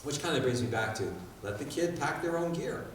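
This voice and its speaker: A man giving a public talk in a school hall, telling stories in an animated way, with sound effects. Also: fairly high pitch, a little fast, a little hiss or hum. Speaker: guest speaker. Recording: echoey hall, far mic, faint ambience.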